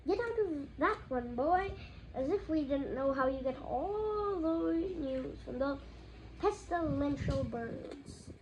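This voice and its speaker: A woman voicing a blustering middle-aged uncle who snarls, his voice croaky with fury, in a storybook reading. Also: sits high, expressive, slow, slight background noise, low-quality recording. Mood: furious.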